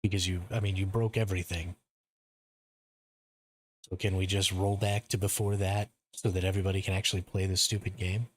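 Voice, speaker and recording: A man's voice: deep voice, little pitch movement, fairly quick, no echo. An American man streaming a survival game, ranting and swearing casually about broken updates. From United States.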